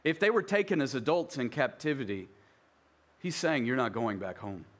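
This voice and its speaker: A man's voice: mid-range voice, expressive, moderate pace, a bit bright. A middle-aged man pastor preaching a sermon in a conversational way, reading scripture aloud and then explaining it.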